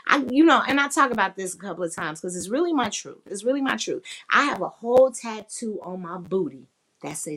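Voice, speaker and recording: A woman's voice: mid-range voice, lively intonation, normal speed, fairly bright tone, slightly rough. A woman hosting a sex-talk podcast, speaking frankly and profanely and laughing often. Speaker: podcast host.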